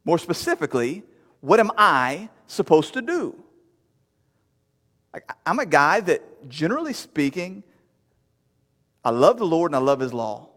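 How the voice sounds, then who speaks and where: A man preaching a sermon as pastor, conversational and emphatic, rising to sharp peaks. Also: a little high, very animated, unhurried, long pauses. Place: church sanctuary. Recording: long hall reverb.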